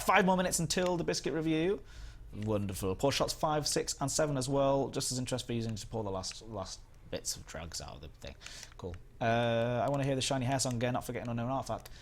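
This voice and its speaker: Fast and sing-song, a mid-range male voice with a Northern English accent chats his way through a relaxed gaming stream. The man, from England, rambles freely and reads viewers' messages out loud.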